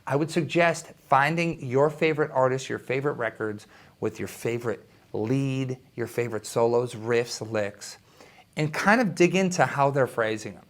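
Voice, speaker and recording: A young man teaching a guitar lesson, talking in an enthusiastic, conversational way with quick asides. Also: mid-range voice. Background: electric guitar playing.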